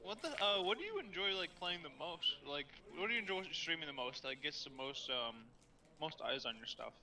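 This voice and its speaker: A man's voice: a little high, expressive, brisk, sharp tone, a little hiss or hum. A man co-hosting a casual gaming podcast, laughing a lot and asking questions. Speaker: podcast co-host. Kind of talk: casual chat.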